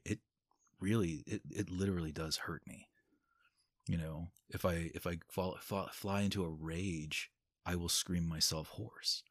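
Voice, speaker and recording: Deep husky-voiced man, candid and sweary. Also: no echo. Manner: candid, swears freely, laughs often. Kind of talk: casual podcast conversation.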